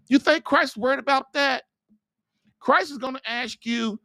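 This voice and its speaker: Preachy man, podcast host, impassioned monologue, rhetorical questions, swooping pitch, dry close mic. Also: lively intonation, moderate pace, sharp tone, no room sound. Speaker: podcast host and marriage coach.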